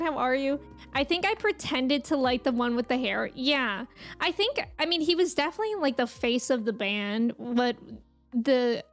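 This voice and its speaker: Chatty young woman streamer, high voice. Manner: chatty, giggly, reads out viewer comments. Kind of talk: casual chat with live viewers.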